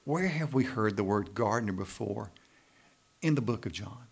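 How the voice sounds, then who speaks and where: A man preaching a sermon as pastor, lively and emphatic, often checking in with "right?" and pushing to loud emphasis. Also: fairly low pitch, normal speed, vocal fry, husky.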